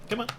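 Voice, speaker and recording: A man's voice: high-pitched, a bit bright. Chatty man streaming, eating and laughing. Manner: chatty, talks with mouth full, laughs often. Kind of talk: casual live stream chat.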